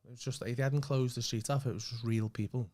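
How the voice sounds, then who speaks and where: A man's voice: medium pitch, a little fast. Scouse man telling a story. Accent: Liverpool. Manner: animated, swears freely, acts out other people's lines. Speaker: comedian and podcast co-host. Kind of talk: casual anecdote telling.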